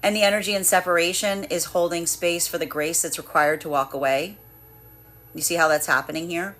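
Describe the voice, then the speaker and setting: A woman's voice: sits low, fairly bright tone. A woman giving a live tarot reading in a rambling, chatty way, full of fillers and frequent laughs. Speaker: tarot reader.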